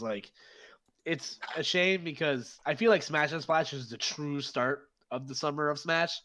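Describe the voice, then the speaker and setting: A man's voice: a little high, a little slow, sharp tone, slight background noise. A man in a casual panel discussion who talks loosely and hedges with fillers. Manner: loose, chatty, hedging with fillers.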